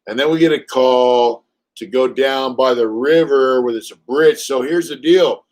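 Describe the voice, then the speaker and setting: A man's voice: medium pitch, unhurried, a little mellow. A man in his fifties hosting a casual live stream, telling stories bluntly with plenty of swearing. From California. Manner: profane, blunt storytelling; acts out quotes in raised voices. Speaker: channel host.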